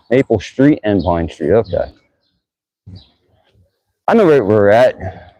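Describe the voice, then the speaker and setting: A man's voice: on the low side, very animated, slow pace, pauses often, dark tone, rough recording. A man vlogging outdoors as he rides a bike through town, chatting casually and musing aloud to a bike-mounted camera. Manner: easygoing, chatty, muses aloud. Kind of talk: casual narration while riding.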